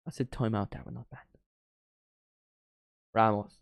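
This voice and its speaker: A young man doing a live football watchalong, reacting to the match and chatting with viewers, bursting into shouts at big moments. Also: fairly low pitch, steady tone, unhurried, gravelly, no echo, studio quality. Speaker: watchalong streamer.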